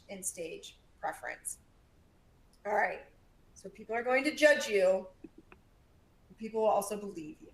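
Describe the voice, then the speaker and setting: A woman coaching a live audience on public speaking, energetic and emphatic, shifting her volume and pace and leaning on pauses. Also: a little high. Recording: echoey room.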